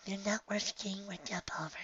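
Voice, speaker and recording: A reader voicing a gentle young unicorn filly in a soft, hushed whisper, as whispered role-play. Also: medium pitch, expressive, fairly quick, muffled recording, pitched above the performer's own voice.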